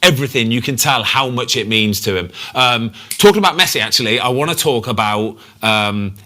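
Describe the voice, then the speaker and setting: A man in his thirties, a former goalkeeper hosting a casual football chat, animated and full of swearing and banter. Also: medium pitch, fairly quick.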